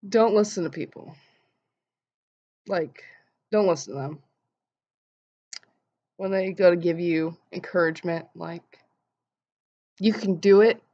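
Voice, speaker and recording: A young woman vlogger telling an animated story and acting out the quotes in voices. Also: fairly low pitch, measured pace, pauses often. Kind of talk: casual storytelling vlog. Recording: dull lo-fi sound.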